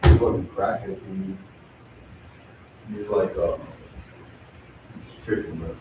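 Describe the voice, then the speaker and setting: Brief: young man, low voice, slangy profane storyteller, far from the mic in an echoey room. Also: steady tone, slow, very noisy. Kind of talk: casual chat.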